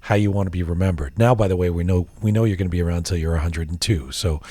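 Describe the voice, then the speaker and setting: A man hosting a podcast interview, asking his questions with hesitant fillers and a lively lilt. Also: low voice, fast talker, slightly rough, no echo. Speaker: podcast host.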